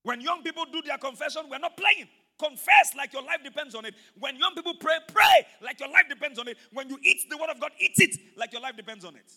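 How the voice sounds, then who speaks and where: A pastor preaching with a very high, piercing, sharp-edged voice. He exhorts his congregation with fervent intensity, often breaking into shouts and leading call-and-response lines. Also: expressive, quick pace, few pauses. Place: church service.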